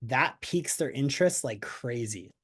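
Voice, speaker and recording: A man leading a network marketing team call on a video call, energetic and chatty, asking the audience questions. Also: medium pitch, normal speed, breathy edge. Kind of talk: motivational team call talk.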